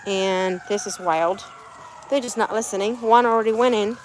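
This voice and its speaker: A woman's voice: mid-range voice, steady tone, normal speed, background noise. A woman vlogging outdoors by her chicken coop on a phone camera, chatting and coaxing her birds inside. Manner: coaxing, talks to her animals. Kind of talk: casual vlog chat.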